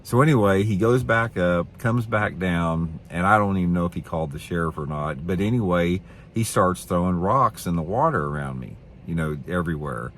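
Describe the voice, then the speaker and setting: Low-voiced man telling a rambling story. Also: lively intonation, normal speed, hardly any pauses, fairly bright tone, a little hiss or hum. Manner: rambling, repeats himself, indignant. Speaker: fishing show host. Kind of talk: casual storytelling.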